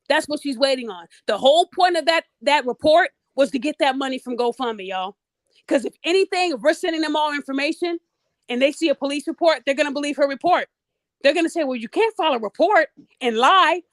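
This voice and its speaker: A middle-aged woman with a high voice, hosting a podcast and telling a story bluntly and with lots of energy. She speaks straight to her listeners, and the sound is dry and close. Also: brisk, dry recording. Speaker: podcast host. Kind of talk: casual storytelling monologue.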